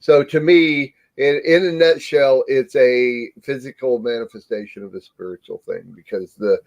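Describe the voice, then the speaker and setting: A man speaking as a panelist on a faith talk show, halting with many restarts. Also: mid-range voice, fairly even intonation, darkish tone. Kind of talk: casual faith discussion.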